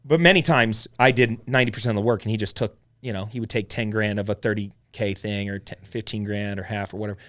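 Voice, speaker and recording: A man telling his story as a podcast guest, blunt and animated, swearing freely as he talks. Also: fairly low pitch, quick pace, hardly any pauses. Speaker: podcast guest, real estate investor. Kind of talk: casual storytelling chat.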